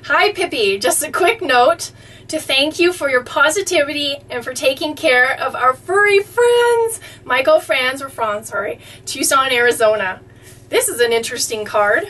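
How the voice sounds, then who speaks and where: High-voiced woman reading fan mail. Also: lively intonation, moderate pace, fairly bright tone, far from the mic, a little hiss or hum. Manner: effusive, easily touched, exclaims often. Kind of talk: casual chat.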